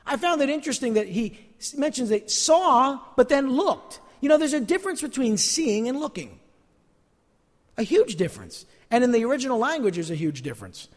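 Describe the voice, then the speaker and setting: Male pastor, sermon, lively swooping delivery, long hall reverb. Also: very high voice. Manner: earnest, animated preaching with emphatic repetitions.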